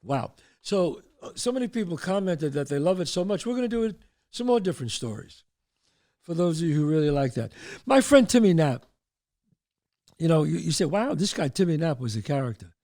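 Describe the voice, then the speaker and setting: A man's voice: a little high, a little fast. A man in his sixties from the Bronx with a New York accent, hosting a show and telling a story from his past, acting out the people in it. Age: 60s. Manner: animated storyteller, shouts out quoted voices. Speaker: show host. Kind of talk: storytelling monologue.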